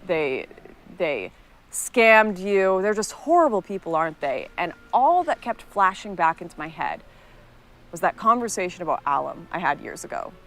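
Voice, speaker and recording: A woman's voice: on the low side, fairly bright tone. A woman earnestly narrating a personal story in a scripted, recounting way.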